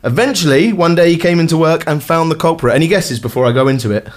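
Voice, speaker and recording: A man's voice: on the high side, fast talker. A man from North London, co-hosting a casual podcast chat, playful and prone to stammered restarts. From England (North London). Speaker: podcast co-host.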